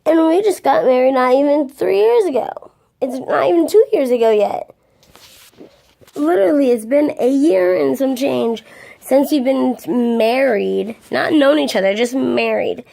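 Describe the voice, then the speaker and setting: Blunt, profane woman venting, creaky voice. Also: sits high, lively intonation, a little slow, dark tone. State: tired, yawning. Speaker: vlogger. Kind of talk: ranting vlog monologue.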